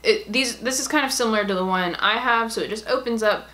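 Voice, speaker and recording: Gushing, excitable woman vlogger. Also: a little high, fairly quick. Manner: gushing, excitable, gasps and squeals often. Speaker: YouTube unboxing host. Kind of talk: casual unboxing vlog.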